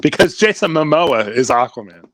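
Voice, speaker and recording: A man's voice: a little high, lively intonation, moderate pace, a bit bright, no echo. A man with a Philadelphia accent co-hosting a casual comics chat in a laid-back, agreeable way. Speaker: podcast co-host.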